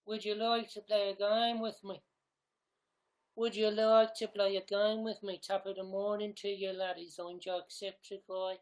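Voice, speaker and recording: A man's voice: high-pitched, level tone, unhurried, pitched above the performer's own voice, low-quality recording. A man putting on a hammy fake-Irish gamer. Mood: over-the-top. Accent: put-on Irish. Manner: exaggerated, sing-song catchphrases. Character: cheery over-the-top fake-Irish young male gamer.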